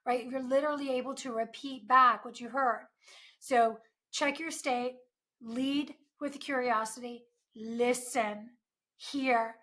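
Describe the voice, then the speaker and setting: A woman's voice: fairly high pitch, sharp tone. A woman hosting an advice podcast, talking earnestly in a coaching tone with frequent rhetorical asides. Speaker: podcast host.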